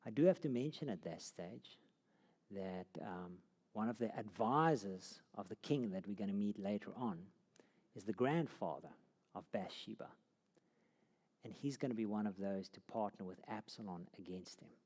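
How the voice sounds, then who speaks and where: A man's voice: lowish voice, normal speed, darkish tone. A man teaching a Bible course, telling the story dramatically and sinking to a near whisper at key moments. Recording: long hall reverb.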